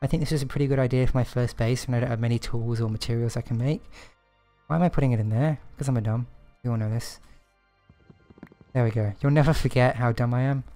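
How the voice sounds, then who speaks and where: A man's voice: mid-range voice, steady tone, fast talker, warm tone, faint music behind. Chatty self-mocking gamer man. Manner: chatty, self-deprecating, talks to himself while playing. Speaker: streamer. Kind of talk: casual gameplay commentary.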